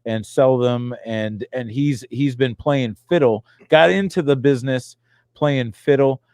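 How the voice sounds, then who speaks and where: A middle-aged man hosting a podcast, joking and excitable, often restarting his sentences. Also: mid-range voice, unhurried, no room sound. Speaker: podcast host. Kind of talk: casual chat.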